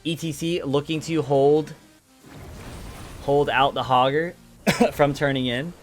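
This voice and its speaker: A man with a fairly high voice takes it slowly, with faint music behind him, as he gives energetic live commentary on a video game and chats with viewers. He's an esports caster and streamer whose voice cracks upward at exciting points.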